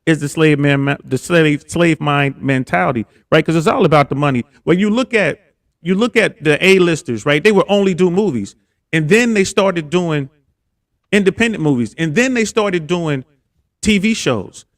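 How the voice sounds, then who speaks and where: A man with a notably high voice makes his case on a live call-in show. He talks emphatically, circles back over his points and keeps checking in with "right?". The sound is dry with little room. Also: expressive, moderate pace, no echo. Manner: emphatic, repeats himself, tags points with "right?". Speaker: guest caller on a live show.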